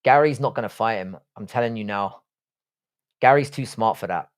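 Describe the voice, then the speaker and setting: A man's voice: fairly low pitch, normal speed. A man with a Southwest London accent hosting a casual live stream, reading chat and bantering with heavy swearing. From England. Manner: profane, teasing banter.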